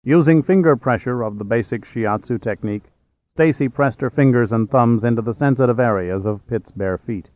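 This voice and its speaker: A man narrating a novel as an audiobook reader in a steady, measured way. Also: medium pitch, dry recording. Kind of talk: scripted narration. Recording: slightly dull, dry.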